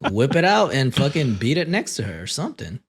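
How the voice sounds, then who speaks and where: A man's voice: mid-range voice, big pitch swings, fairly quick, breathy edge. A man co-hosting a podcast, tossing in blunt, crude one-liners. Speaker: podcast co-host. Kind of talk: casual chat.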